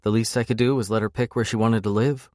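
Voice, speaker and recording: A guarded young woman with a cool, terse way of speaking, read by a man in his own low voice. The delivery stays even and close. The recording is dry and close. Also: fast talker, dry recording, close to an everyday voice.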